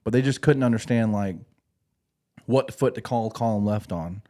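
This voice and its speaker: Animated man telling war stories. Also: lowish voice, normal speed. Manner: animated, profane, laughing storyteller. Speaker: podcast host, former Marine. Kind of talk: casual storytelling.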